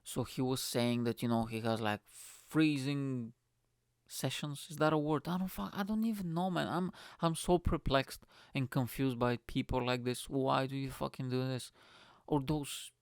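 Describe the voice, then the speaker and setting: Gravelly, profane ranting comedian. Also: male voice, mid-range voice, fairly even intonation, no echo, clean studio sound. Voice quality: profane, fast-swinging rant. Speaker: comedian host. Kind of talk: comedic rant.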